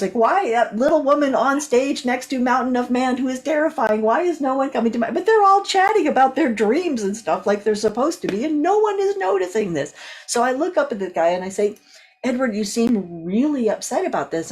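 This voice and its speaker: A woman coach and speaker, guest on an interview show, telling a story with lively acted-out dialogue. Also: a little high. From California. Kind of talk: animated storytelling in conversation.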